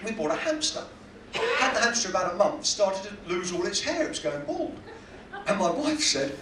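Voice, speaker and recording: This comedian's voice is high-pitched and creaky, swinging widely in pitch at a moderate pace as he delivers punchlines and acts out quotes on stage. It's a cruise ship cabaret room, captured from a distant mic amid echo and loud crowd noise.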